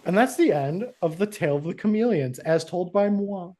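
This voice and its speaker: A man with a slightly higher voice hosts a podcast recap from a studio, telling the story in a casual, chatty way with lively energy. He slips into quick voices to act out each character's lines as he goes.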